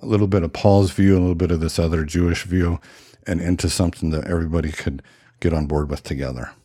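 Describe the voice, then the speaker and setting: Deep-voiced thoughtful man musing. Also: fairly even intonation, quick pace, mellow, breathy edge, no room sound, clean studio sound. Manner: thoughtful, hedging, musing aloud. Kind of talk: reflective monologue on religious history.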